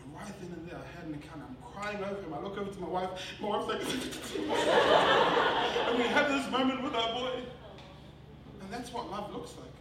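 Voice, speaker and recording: Kiwi man preaching, higher voice, lively storytelling, echoey hall, mic far off, background noise. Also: normal speed. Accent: New Zealand. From New Zealand. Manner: animated storytelling, swings between loud laughing bursts and quiet earnest passages. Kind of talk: sermon with personal story.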